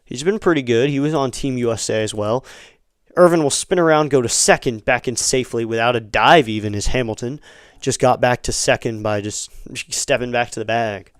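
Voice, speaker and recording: A man giving live fan play-by-play commentary on a baseball game, chatty between pitches and louder and quicker on big plays. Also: clean tone, no echo, studio quality. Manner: conversational, rising to excited calls on big plays.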